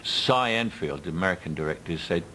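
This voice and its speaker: An older Cockney man with a low voice, spinning anecdotes in a relaxed interview. He drops into other people's voices whenever he quotes them. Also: fairly quick, slight background noise, poor audio. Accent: Cockney London. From England. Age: 70s. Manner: storytelling, mimics others in quotes. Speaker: interviewee actor. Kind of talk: casual anecdotal chat.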